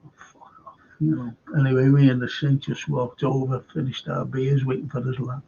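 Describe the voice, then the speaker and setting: A man's voice: mid-range voice, little pitch movement, fairly quick, gravelly, warm tone, breathy edge. A man hosting a casual football fan show, telling anecdotes and swearing freely. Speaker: host. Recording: dull lo-fi stream audio.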